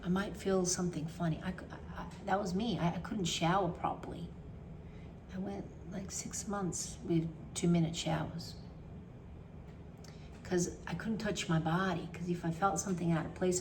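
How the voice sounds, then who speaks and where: A woman's voice: fairly low pitch, steady tone, normal speed, gravelly, noisy background. Emphatic woman coaching on anxiety. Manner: emphatic, repetitive, acts out her own thoughts. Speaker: wellness coach. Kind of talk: casual talk to camera.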